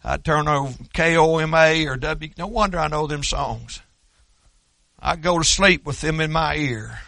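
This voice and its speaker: Older man from Oklahoma, preacher. High, raspy, piercing tone, dry close sound. Folksy storyteller who works up to shouting. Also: normal speed, no echo. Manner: rambling folksy asides, building to loud shouting. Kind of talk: sermon.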